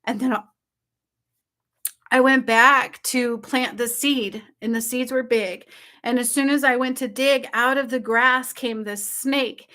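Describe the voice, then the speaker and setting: A woman telling her viewers about a dream in casual, excited speech, often checking in with "okay?" and "like". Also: high-pitched, slow pace. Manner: excited, breathless storytelling with frequent "like" and "okay?". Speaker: spiritual channel host.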